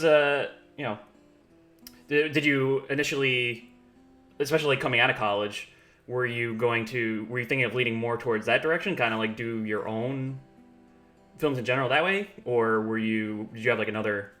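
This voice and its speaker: A man hosting a podcast, easygoing and quick to laugh as he asks his guest questions. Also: mid-range voice, bright, forceful tone, faint music behind. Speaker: podcast host. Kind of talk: casual chat.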